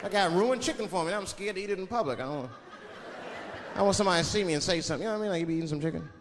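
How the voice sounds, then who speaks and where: A man performing a stand-up routine, telling an animated story and acting out the quotes. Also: sits high, rapid-fire. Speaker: stand-up comedian. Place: comedy stage before a live audience. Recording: live stage with reverb and noisy crowd.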